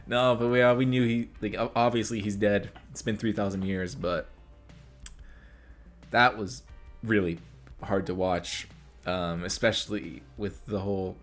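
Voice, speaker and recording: A man hosting an anime reaction video, talking in a rambling, excitable way with many restarts. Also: on the low side, measured pace, pauses often, soft background music. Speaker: reaction channel host. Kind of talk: casual anime reaction commentary. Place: home room lit by reaction lamps.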